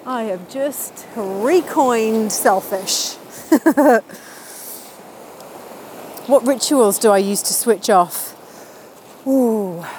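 Slow-speaking upbeat chatty woman. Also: on the high side, slight background noise, rough recording. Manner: upbeat and chatty, laughing at her own wordplay. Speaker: interviewee sharing wellbeing tips. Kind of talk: casual spoken answers to questions.

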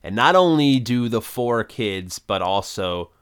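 A man's voice: mid-range voice, lively intonation, unhurried, a bit bright, clean tone. A man co-hosting a podcast, casually retelling a plot with frequent ums and uhs. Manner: plot retelling with many fillers. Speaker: podcast co-host. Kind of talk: casual recap chat.

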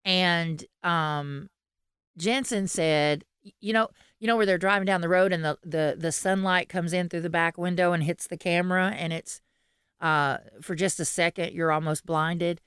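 Chatty woman with a smooth low voice. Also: fairly even intonation, moderate pace, fairly bright tone, no echo, studio quality. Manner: rambling, laughs often, many restarts. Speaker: podcast co-host. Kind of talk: casual chat.

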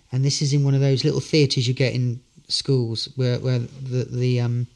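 A man's voice: medium pitch, little pitch movement, unhurried, gravelly, a little mellow. An actor, a man, telling good-humoured, rambling anecdotes as a guest in a casual interview.

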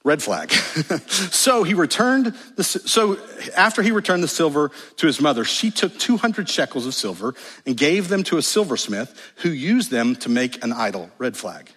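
A man preaching a sermon as pastor in a church, animated and emphatic, with wry humorous asides. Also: a little high, normal speed, breathy edge. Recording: long reverb of a large hall.

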